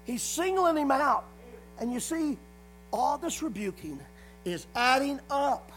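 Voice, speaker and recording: A man's voice: very high voice, big pitch swings, measured pace, a bit bright, soft background music, rough recording. A man preaching a sermon, hammering points through repetition and punctuating them with frequent calls of "amen". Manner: repetitive emphatic phrasing, frequent "amen" call-outs.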